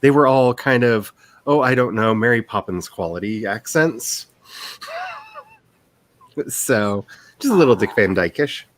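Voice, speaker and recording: A man's voice: on the low side, animated, unhurried, pauses often, slight background noise. A man who writes books, hosting a casual stream chat in a rambling, self-deprecating way and laughing often.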